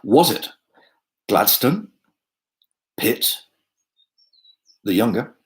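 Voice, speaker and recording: A man's voice: on the low side, very animated, extremely slow, rough recording. Chatty, jokey man hosting a pub quiz. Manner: chatty, jokey asides, many fillers. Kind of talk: casual quiz hosting over video call. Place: home room.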